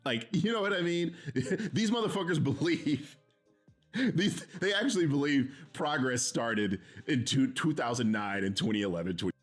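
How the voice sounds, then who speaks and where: Exasperated swearing man, lively pitch. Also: normal speed, soft background music. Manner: profane, exasperated, mocking laughs. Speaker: streamer reacting to a video. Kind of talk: heated casual commentary.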